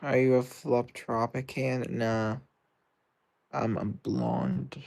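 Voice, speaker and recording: A British man chats casually on a game livestream, reading out and answering viewer comments as he goes. His voice sits at an ordinary middle pitch with a noticeable gravelly fry, and he rambles easily from one thought to the next. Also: level tone, slow, darkish tone. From Britain. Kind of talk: casual livestream chat while gaming.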